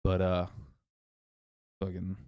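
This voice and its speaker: Swearing, animated man. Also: low-pitched, takes it slowly, clear, resonant tone, no echo, studio quality. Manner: crude, animated storyteller, swears a lot. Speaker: podcast co-host. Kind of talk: casual chat.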